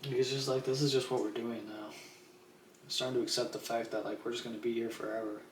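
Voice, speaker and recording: His mid-range voice is flat and a little fast as the young streamer casually wanders through a story on his livestream. He swears freely and acts out others' lines in a relaxed way, and the room echoes with faint ambient noise.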